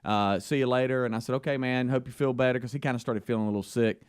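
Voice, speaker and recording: A man's voice: medium pitch, steady tone, quick pace, smooth. A man with a Southern US accent, a radio co-host telling a rambling story in casual talk on air, acting out the phone calls in it. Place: radio studio.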